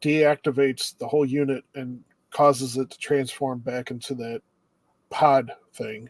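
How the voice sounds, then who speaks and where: A man co-hosting a podcast in casual chat, recapping the plot in a steady, easygoing way. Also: medium pitch, a little slow. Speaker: podcast co-host.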